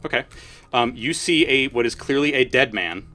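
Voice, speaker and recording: A man in a middle voice range narrating a tabletop game as dungeon master. His speech is casual and loose, with quick laughs slipping in between the descriptions. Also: medium pitch, lively intonation, pushed and bright.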